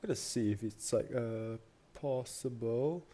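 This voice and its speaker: A young man with a medium-pitched, dark-toned voice chats casually with his stream chat at a slightly slow pace. He rambles, full of fillers and restarts, and laughs often.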